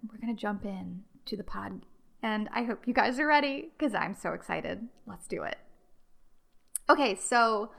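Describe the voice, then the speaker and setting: A woman's voice: mid-range voice, vocal fry, a bit bright. A young adult woman from the United States hosting a casual solo history podcast, chatty and rambling, with many ums and restarts. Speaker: podcast host.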